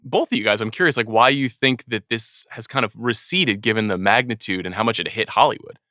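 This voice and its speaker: A male podcast host talks fast and jokes around in a bright, animated voice. The sound is close and dry, with no room around it. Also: fairly low pitch, dry recording. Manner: lively, joking. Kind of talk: casual chat.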